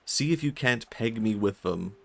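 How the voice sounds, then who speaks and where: A Swedish man voicing a gruff, boastful male talking fish from a video game. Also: lowish voice, animated, moderate pace, fairly bright tone, heavily acted.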